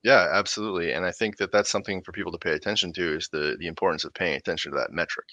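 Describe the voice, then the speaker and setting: A man hosting an interview podcast, quickly summing up the guest's point and affirming it. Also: low-pitched, pushed and bright, dry recording. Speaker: podcast host. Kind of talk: casual interview commentary.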